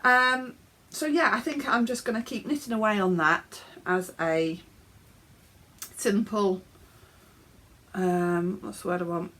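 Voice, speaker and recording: A woman's voice: mid-range voice, slow, pauses often, fairly bright tone. An English woman hosting a knitting podcast, sounding a bit snuffly and chatting casually from her home office with fillers and small laughs. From England. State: snuffly, coughing. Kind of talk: casual show-and-tell chat.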